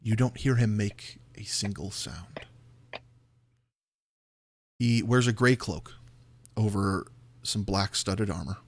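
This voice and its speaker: A man's voice: fairly low pitch, slow pace, long pauses. A man running a tabletop role-playing game as dungeon master, narrating scenes in vivid detail with frequent "uh" and "um" fillers.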